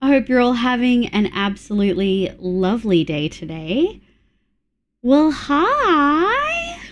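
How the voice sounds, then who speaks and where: A woman's voice: medium pitch, moderate pace, darkish tone, dull audio. An Australian woman streaming live, greeting her viewers in an affectionate, casual chatty way.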